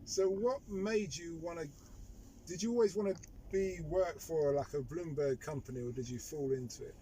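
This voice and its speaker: A man hosting a podcast from his taxi, asking curious, quick follow-up questions in casual chat. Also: fairly high pitch, warm tone, slight background noise, poor audio. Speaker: taxi driver podcast host. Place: inside a taxi.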